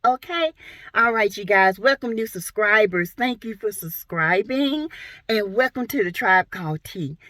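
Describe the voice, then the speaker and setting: A woman from South Carolina talks through reality TV gossip with blunt, sassy commentary. Her bright, lively voice leaps up and down in playful exclamations. The recording is dry and close. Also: mid-range voice, unhurried, no echo.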